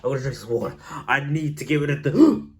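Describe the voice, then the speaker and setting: A man's voice: mid-range voice, lively intonation, fast talker, close to an everyday voice. A man voicing a plush-toy plumber hero who keeps gasping with hiccups in a homemade skit. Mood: eager.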